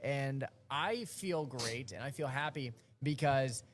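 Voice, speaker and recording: A man's voice: mid-range voice, slow pace, slight background noise. Valley radio host guy, midrange voice, upbeat and encouraging. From Rio Grande Valley, Texas. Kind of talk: casual radio chat.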